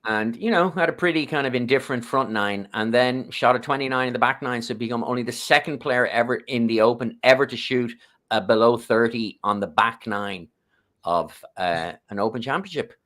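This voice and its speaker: A man's voice: medium pitch, fairly quick, fairly bright tone. A man on a golf podcast panel telling long, rambling anecdotes in a casual chat. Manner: rambling, anecdotal, self-correcting.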